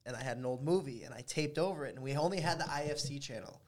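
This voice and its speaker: A man's voice: mid-range voice, quick pace, darkish tone. A man in his thirties, a podcast guest, telling crude stories bluntly in casual chat. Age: 30s.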